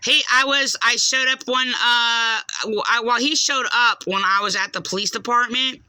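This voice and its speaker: A woman's voice: on the high side, moderate pace, sharp tone, clear, resonant tone, no echo. A woman with a Southern accent, making a complaint on a phone call and rambling through accusations with many hesitations.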